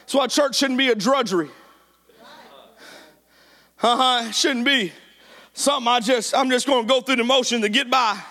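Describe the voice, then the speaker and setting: A man preaching a sermon with a shouted, sing-song cadence, repeating his lines for emphasis. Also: very high voice, moderate pace, pauses often.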